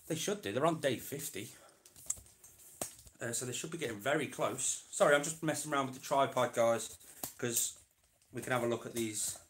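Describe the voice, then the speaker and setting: A man's voice: mid-range voice, moderate pace, pauses often, a bit bright, recorded from a distance, slight background noise. Man rambling in a roomy room. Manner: rambling, chatty, talks to his animals while working. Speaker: reptile keeper vlogger. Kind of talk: casual vlog chat while working. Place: indoor reptile room. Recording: roomy sound, away from mic.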